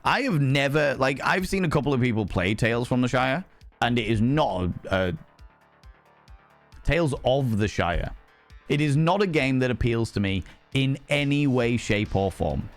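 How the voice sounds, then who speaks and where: A man's voice: mid-range voice, expressive, moderate pace, soft background music. A man casually chatting on a live stream, reading chat aloud, swearing freely and slipping into cheeky put-on voices.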